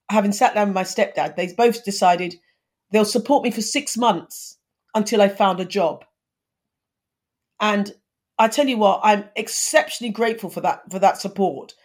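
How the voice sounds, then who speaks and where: A woman in her fifties, a guest in an interview, talking earnestly and giving advice, with frequent restarts. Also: mid-range voice. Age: 50s. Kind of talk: conversational interview.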